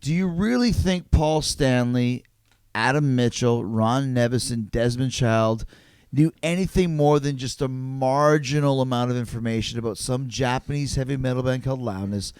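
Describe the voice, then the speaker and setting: A man talking as a guest in a casual podcast chat, animated and emphatic, swearing freely as he makes his points. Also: medium pitch, normal speed, smooth, no room sound.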